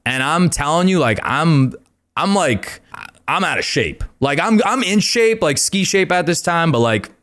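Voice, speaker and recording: A man's voice: fairly high pitch, lively intonation, unhurried, fairly bright tone. A young man, a podcast guest, telling a rambling story in casual chat, full of fillers and swearing.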